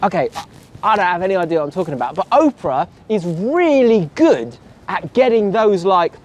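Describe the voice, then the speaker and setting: A man's voice: high voice, sing-song, moderate pace. A man in a casual podcast chat, joking playfully and spinning absurd tangents. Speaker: podcast co-host.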